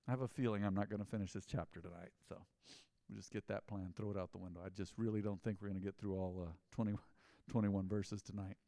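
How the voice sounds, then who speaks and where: A man preaching a mid-week sermon as pastor, talking in a conversational, animated way that swings from loud to quiet. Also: fairly low pitch, fairly quick, no echo, studio quality.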